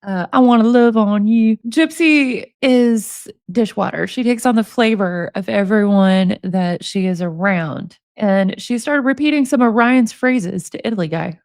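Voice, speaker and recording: Woman, forties, casual commentary, sarcastic, mid pitch, dry close recording. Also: unhurried, few pauses, dry recording. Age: 40s. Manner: amused, sarcastic, laughs often. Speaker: commentary host reading prison emails. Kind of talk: casual commentary, reading emails aloud.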